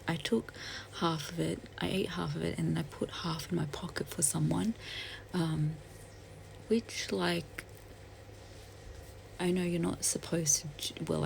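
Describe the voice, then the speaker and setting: A woman telling a story while doing her makeup, soft-spoken and hesitant, with many fillers and restarts. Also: sits low, creaky, a little hiss or hum, poor audio. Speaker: beauty vlogger. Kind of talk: get-ready-with-me storytelling.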